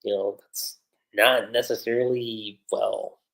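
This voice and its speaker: A man's voice: on the low side, flat delivery, slow, vocal fry, fairly bright tone, exaggerated voice. A man voicing a flustered young woman from a cartoon, who speaks hesitantly and awkwardly.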